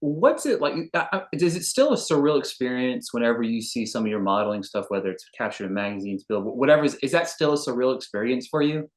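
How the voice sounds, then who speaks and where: A man's voice: medium pitch, lively intonation, quick pace, hardly any pauses. A man hosting a podcast, asking his guests questions in an eager, friendly way. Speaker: podcast interviewer. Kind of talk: interview questions.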